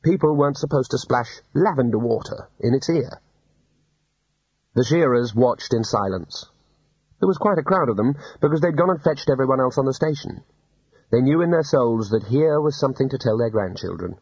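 A man reading an audiobook in a dry, unhurried storytelling manner. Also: mid-range voice, animated, darkish tone, breathy edge, no room sound, dull audio. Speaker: narrator. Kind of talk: audiobook narration.

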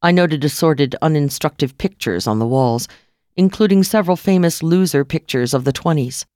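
A woman's voice: sits low, normal speed, warm tone, dry recording. A woman reading a first-person novel aloud in a dry, wry narrating manner. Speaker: audiobook narrator. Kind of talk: scripted narration.

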